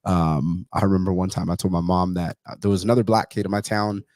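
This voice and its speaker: Speaking low and fast with a level, slightly mellow tone, this thirtysomething podcast host from California shares personal anecdotes. He's profane and easygoing, imitating the people he quotes, and the recording is dry.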